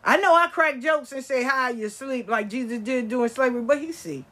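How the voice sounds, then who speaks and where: Husky woman storyteller, profane and animated, loud one moment and murmuring the next. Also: brisk. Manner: profane, animated, swings between loud bursts and low murmurs. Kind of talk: storytelling talk.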